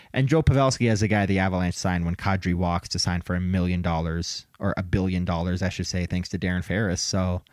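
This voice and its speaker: A man co-hosting a casual sports podcast, chatty and quick to laugh as he rattles off names. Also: sits low, a little mellow, no echo, studio quality. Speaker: podcast co-host.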